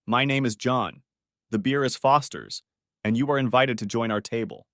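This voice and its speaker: A man's voice: mid-range voice, moderate pace, a bit bright, no echo, clean studio sound, lightly acted. A man voicing a big, older Australian man in a story reading, blunt and teasing. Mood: gruff.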